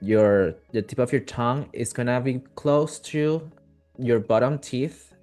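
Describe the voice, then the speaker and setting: A man's voice: medium pitch, unhurried, darkish tone, soft background music. A man whose first language is Spanish teaching a live online English pronunciation class over a video call, patient and encouraging as he models sounds.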